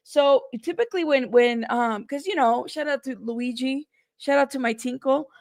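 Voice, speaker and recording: A woman's voice: sits high, moderate pace, dry recording, clean studio sound. A woman hosting a casual news livestream, chatty and greeting her viewers one by one by name.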